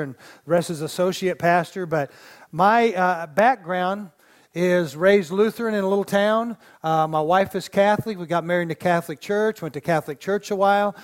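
High-voiced male associate pastor preaching. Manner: folksy storytelling with call-and-response. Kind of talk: sermon. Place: church sanctuary.

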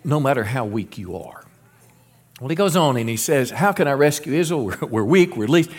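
Male pastor, middle-aged, mid-pitched voice, earnest sermon delivery with frequent stammered restarts. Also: animated, normal speed. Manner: earnest preaching with repeated stammered restarts and quoted scripture.

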